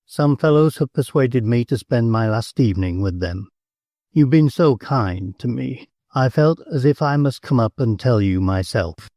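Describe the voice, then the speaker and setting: A man's voice: mid-range voice, animated, unhurried, warm tone, no room sound, clean studio sound. A man doing a blunt American gambler. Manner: blunt, abrupt, muttering. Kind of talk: audiobook character voice.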